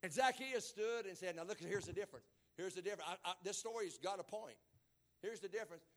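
A man preaches emphatically in a church at a quick pace. His sermon drops to low murmurs, then climbs to shouted exclamations.

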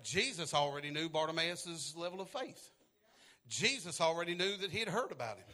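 A man preaching a sermon, repeating phrases and building to shouted, half-sung climaxes. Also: on the high side, lively intonation, fairly quick. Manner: drops to a hushed, quiet voice at times.

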